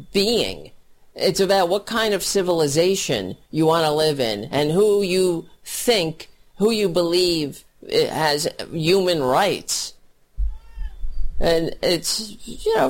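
A commentator delivers an angry political rant, crude and scornful. The talk is slow and halting, full of restarts. The pitch sits in a middle range.

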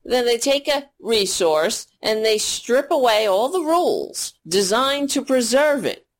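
A woman's voice: on the high side, animated, unhurried. A woman hosting a political commentary show, ranting in a sarcastic, profane, mocking way.

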